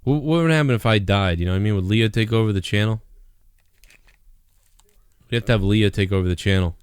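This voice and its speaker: Man with a low, smooth, dry voice, rambling. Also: fairly quick, dry recording. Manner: rambling, laughs often, repeats himself. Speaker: host of a live call-in show. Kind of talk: casual live-stream chat.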